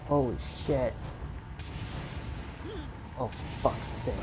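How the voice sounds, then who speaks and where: A man's voice: on the low side, unhurried, pauses often, over music. A man commenting on his own gameplay in a let's play, frustrated and swearing often. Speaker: gamer.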